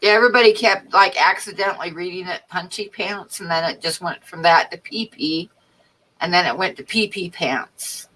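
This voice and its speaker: A woman's voice: lowish voice, normal speed, pushed and bright, rough recording. A woman who hosts a livestream and chats lightly, giggling as she talks. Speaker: channel host. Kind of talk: casual group chat on a livestream.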